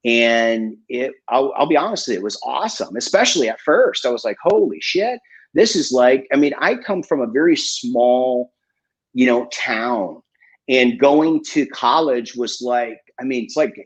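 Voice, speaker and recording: A man's voice: mid-range voice, animated, moderate pace, slightly rough. A man guest coach candidly telling his life story in a casual live interview, with lots of fillers and swearing. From Michigan, USA. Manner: candid and profane, with many fillers. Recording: dull lo-fi online stream.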